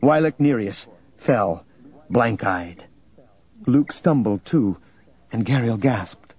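Husky male audiobook narrator. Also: mid-range voice, lively intonation, slow pace, darkish tone, muffled recording. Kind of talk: scripted narration.

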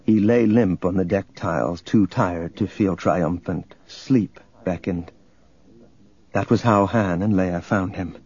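A man narrating an audiobook in a steady, measured reading. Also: deep voice, husky, dull audio. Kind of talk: scripted narration.

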